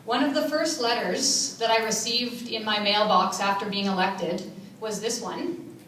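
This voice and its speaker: A woman's voice: medium pitch, steady tone, fairly bright tone, recorded from a distance, a little hiss or hum. Woman giving a speech in an echoey hall. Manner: earnest, measured public speaking. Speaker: mayor. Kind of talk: inaugural speech. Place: large hall with an audience. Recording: echoey hall picked up from afar.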